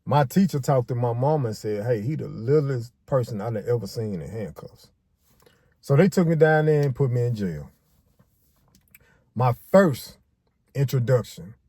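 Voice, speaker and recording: A man's voice: medium pitch, warm tone, dry recording. A man from Arkansas with a Southern accent, casually telling a personal story in slangy street talk and acting out the quotes.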